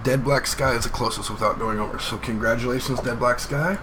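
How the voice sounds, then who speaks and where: A man's voice: mid-range voice, fairly even intonation, fairly quick, crowd noise. A man co-hosting a casual live stream, laid-back, giving short replies and reading out contest prizes. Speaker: co-host.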